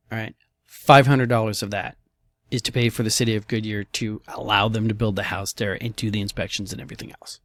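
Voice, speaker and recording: A man, a real estate broker, talks through market slides in a blunt, conversational way and keeps checking in with "all right" and "okay." His voice sits at an ordinary middle pitch and sounds dry and close, with no room echo. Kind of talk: casual commentary on market articles and slides.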